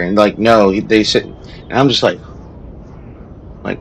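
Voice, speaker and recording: A man's voice: lowish voice, a little slow, gravelly, pauses often, a little hiss or hum, low-quality recording. A man, a streamer who also teaches, chatting casually while he plays a strategy game, telling a story in a rambling way with many restarts.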